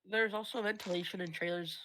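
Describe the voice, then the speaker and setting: A woman's voice: medium pitch, fairly even intonation, a little fast, fairly bright tone, slight background noise, rough recording. Playfully dramatic young woman friend. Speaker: co-streamer friend. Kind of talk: casual chat.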